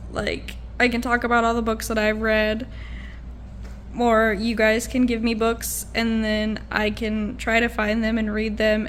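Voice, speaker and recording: Young woman vlogger, slightly high voice, tired and rambling, casual chat. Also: a bit bright, a little hiss or hum. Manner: rambling, trailing off with fillers. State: low and tired.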